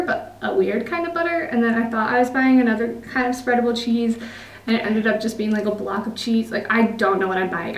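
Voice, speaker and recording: A woman's voice: a little high, reverberant, far from the mic, poor audio. A young woman from Utah with an American accent, chatting casually to camera in a vlog, laughing often and using lots of fillers. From Utah, United States. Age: young adult. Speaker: vlogger.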